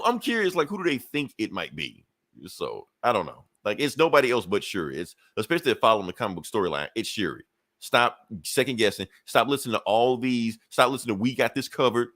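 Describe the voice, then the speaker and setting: A man's voice: on the low side, fairly bright tone, dry recording, clean studio sound. A man co-hosting a comic book podcast, talking in a casual, joking and profane way. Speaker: podcast co-host. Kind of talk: casual chat.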